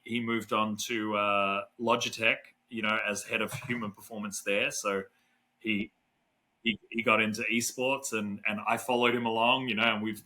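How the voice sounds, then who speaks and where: Bright-voiced Australian man telling a story. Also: lowish voice, poor audio. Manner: rambling, many fillers and restarts. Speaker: guest neuroscientist. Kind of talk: casual storytelling interview.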